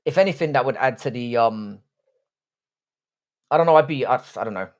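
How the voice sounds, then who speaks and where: A man's voice: mid-range voice, lively intonation, fairly quick. A young British man hosting a live stream, chatting casually and crudely as he answers viewer comments with profane, joking banter.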